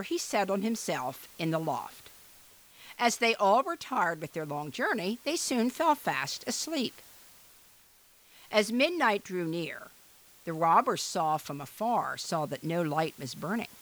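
A woman reading a children's fairy tale aloud in an expressive, animated way. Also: mid-range voice, measured pace. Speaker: storyteller. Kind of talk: storybook read-aloud.

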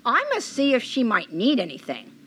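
Woman doing a bold storybook huntsman, bright and lively. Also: a little high, normal speed, husky, full character voice. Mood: determined. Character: male huntsman, dutiful and bold.

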